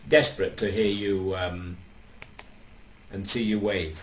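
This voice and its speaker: Rambling joke-teller. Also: male voice, low voice, fairly even intonation, slow pace, long pauses. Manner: rambling, chatty joke-telling with fillers. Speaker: comic storyteller. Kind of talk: telling a comic tale. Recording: roomy echo, faint background noise.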